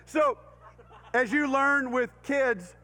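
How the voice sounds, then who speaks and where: A middle-aged man with a Texan accent, a pastor telling a story in a sermon, animated, acting out voices and sound effects and laughing often. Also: very high-pitched, takes it slowly. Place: church hall. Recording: reverberant church hall.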